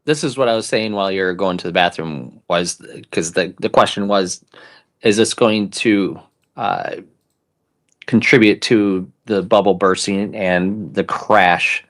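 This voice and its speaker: A man's voice: low voice, unhurried, fairly bright tone. A man co-hosting a casual podcast, talking in an easygoing, conversational way. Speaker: co-host of an investing show.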